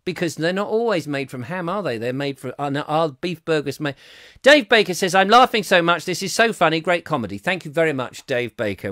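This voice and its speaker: A man hosting a comic live chat show, rambling jokily and reading out viewer comments, swinging between loud bursts and mumbled asides. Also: mid-range voice, no echo, studio quality.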